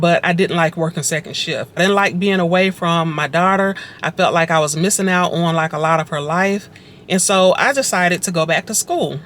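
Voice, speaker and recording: A woman vlogger telling her personal faith story in a conversational, reflective way, often repeating phrases for emphasis. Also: lowish voice. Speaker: vlogger sharing her testimony.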